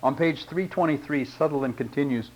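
A man's voice: a little high, fairly quick, slight background noise, poor audio. A middle-aged man preaching a sermon, reading long quotations aloud and commenting on them with rhetorical tag questions.

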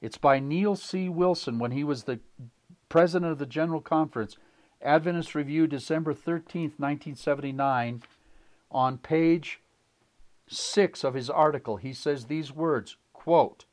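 An older man delivers a sermon in a somewhat high voice. He reads passages aloud and presses each point with slow, emphatic repetition. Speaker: preacher. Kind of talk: sermon reading and commenting on texts.

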